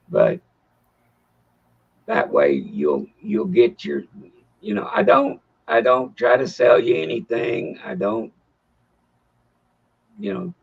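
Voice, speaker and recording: Gravelly, husky slow-talking man. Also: on the high side, muffled recording. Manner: rambling, halting, folksy. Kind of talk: casual livestream chat.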